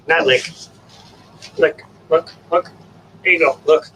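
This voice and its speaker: A man hosting a casual stream and giving his dogs coaxing commands, jumping to high sing-song calls. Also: slow, long pauses, bright, forceful tone, husky, lo-fi sound. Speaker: stream host. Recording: distant from the mic. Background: dogs, faint room noise.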